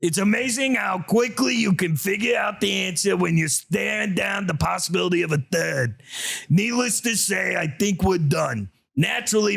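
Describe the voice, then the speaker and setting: A man putting on a loud, exaggerated New York accent to read a listener's letter aloud. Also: high voice, gravelly, voice pushed up, heavily acted. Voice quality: shouty, exaggerated.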